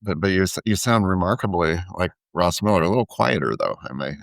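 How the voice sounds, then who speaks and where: A man's voice: low-pitched, lively intonation, a little fast, gravelly, no echo, studio quality. A man co-hosting a podcast in casual chat, speaking thoughtfully and hesitantly and often restarting his words. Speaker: podcast co-host.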